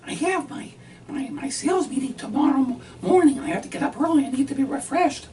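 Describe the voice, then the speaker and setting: A man voicing an exasperated adult woman who scolds in a shrill, slow, clipped voice. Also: animated. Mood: scolding. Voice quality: shrill and loud. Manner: slow, clipped nagging delivery. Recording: distant mic, faint noise.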